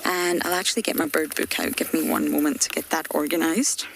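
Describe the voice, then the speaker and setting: Lady safari guide chatting from the truck, low-ish gravelly voice, explains stuff, hushes now and then. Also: steady tone, fairly quick, a little hiss or hum. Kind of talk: live safari commentary. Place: outdoors in a game-drive vehicle.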